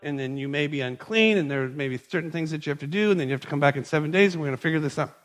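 A male pastor preaching a sermon in a conversational, animated storytelling manner, recorded in a large hall. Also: on the high side, very fast. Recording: long reverb in a large hall.

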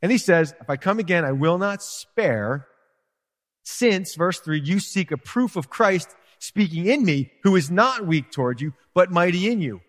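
A male pastor delivers an animated sermon, slipping into quoted voices and playful asides. His voice sits a little higher than most men's. The sound carries a long reverb from the hall. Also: a little slow.

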